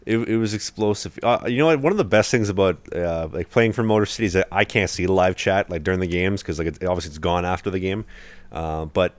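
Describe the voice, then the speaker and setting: A man's voice: low voice, fast, dry recording. A young man hosting a podcast, telling a long story in casual chat with lots of fillers and restarts. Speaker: podcast host, hockey goalie.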